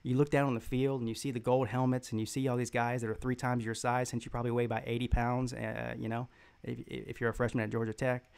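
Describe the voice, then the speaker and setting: Gravelly, halting man trash-talking on a live stream. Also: medium pitch, level tone, darkish tone. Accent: Southern American. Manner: rambling, halting, with many fillers and restarts; mocking trash talk. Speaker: sports live-stream host. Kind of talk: live-stream chat reading viewer comments.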